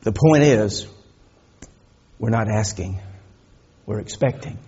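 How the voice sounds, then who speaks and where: A man's voice: fairly low pitch, takes it slowly, mellow, breathy edge, lo-fi sound. A middle-aged man preaching a sermon, building emphasis and asking rhetorical questions of his listeners. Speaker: pastor.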